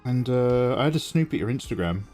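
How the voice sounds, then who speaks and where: Male host, casual live-stream banter while drawing, mid-pitched, animated delivery. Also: fairly quick. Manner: chatty, playfully snarky, greets viewers by name. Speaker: art streamer. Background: faint synth music.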